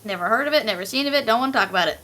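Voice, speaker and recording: A woman chatting casually as a guest on a stream, quick to agree and chime in. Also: on the high side, expressive, sharp tone, slight background noise. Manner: supportive, quick agreeing interjections.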